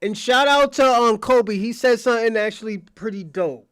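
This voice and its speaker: A man's voice: very high-pitched, moderate pace, a bit bright, clean tone, dry recording, clean studio sound. A man hosting a livestream, reacting to clips in blunt, profane casual talk.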